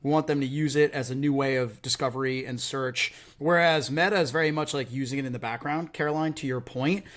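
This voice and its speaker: Brisk and medium-pitched, a man hosts a podcast, chatting casually with lots of animation and energy. His talk is heavily peppered with "like" and "right?".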